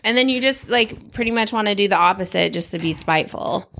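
Bright-voiced woman chatting sarcastically. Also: medium pitch, fairly quick, creaky. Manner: sarcastic, swears freely, lively storytelling. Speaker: podcast co-host. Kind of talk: casual chat.

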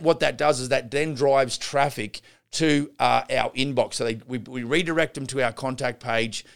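A man's voice: mid-range voice, gravelly, a bit bright. A man hosting a show and coaching contractors in a casual, rambling way, often restarting sentences and calling listeners guys and gals. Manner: rambling, with frequent restarts and asides. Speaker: podcast host and renovation business coach. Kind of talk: casual instructional talk.

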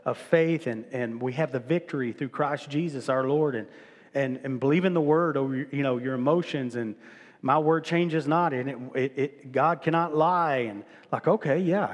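A man's voice: mid-range voice, in a large hall. A middle-aged male pastor preaching a sermon in a casual, conversational way, often repeating himself and restarting phrases. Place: church sanctuary.

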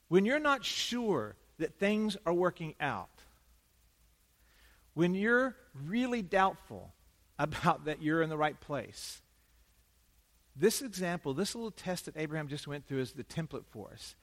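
A middle-aged man preaching a sermon as a pastor, animated, swinging from loud emphasis to hushed asides. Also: on the high side, unhurried. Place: church sanctuary. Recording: long hall reverb.

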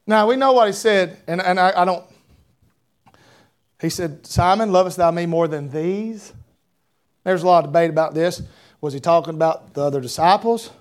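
A man's voice: high-pitched, moderate pace, pauses often. A man preaching a sermon, quoting King James scripture and building to fervent cries. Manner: animated preaching, reading scripture in King James wording, rising to shouts.

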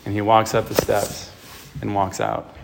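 A man's voice: lowish voice, flat delivery, a little slow, gravelly, background noise. A man, a priest, preaching a sermon and retelling a film scene with emphatic storytelling.

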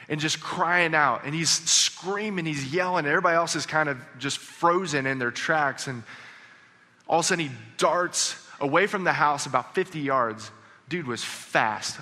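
A man preaching a sermon, telling a story earnestly and dropping to a hush on key lines. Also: fairly high pitch. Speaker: pastor. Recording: long reverb of a large hall.

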